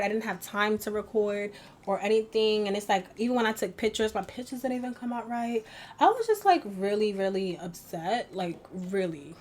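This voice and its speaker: Chatty young woman vlogger, rambling. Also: medium pitch. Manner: chatty, rambling, with many fillers. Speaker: beauty vlogger. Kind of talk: casual chat while doing makeup. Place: home bedroom at a vanity.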